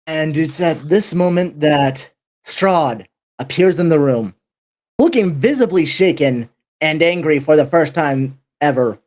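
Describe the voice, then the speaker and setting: Male game master, slow and rambling narration with lots of fillers. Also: fairly high pitch, a little mellow.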